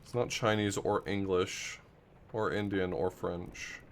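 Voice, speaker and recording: Male streamer, lowish voice, musing and self-deprecating as he plays. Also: slow, vocal fry, a little hiss or hum. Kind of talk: casual live gameplay commentary.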